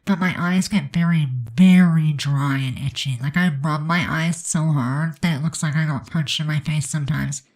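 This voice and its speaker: A woman's voice: low-pitched, steady tone, moderate pace, few pauses, a little mellow, low-quality recording. A woman with a stuffed-up, congested voice giving a chatty, rambling voice-over commentary on a game build. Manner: chatty, rambling, many fillers.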